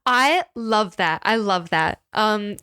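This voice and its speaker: Woman, lively swooping pitch, slow drawn-out delivery, giggly, dry close sound. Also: smooth, no room sound. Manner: giggly, animated, drawn-out phrasing. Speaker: podcast co-host. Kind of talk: casual chat.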